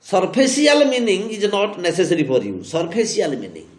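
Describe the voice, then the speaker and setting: A man's voice: high-pitched, very animated, moderate pace. A man with an Indian English accent lecturing on a poem as a literature teacher, repeating each point with emphasis. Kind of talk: classroom lecture on poetry. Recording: echoey room.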